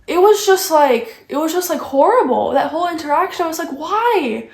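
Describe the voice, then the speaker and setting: A young woman vlogger telling a story in casual chat, rambling and filling every pause with "like". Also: very high voice, darkish tone. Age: young adult. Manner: rambling, heavy use of "like". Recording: echoey room.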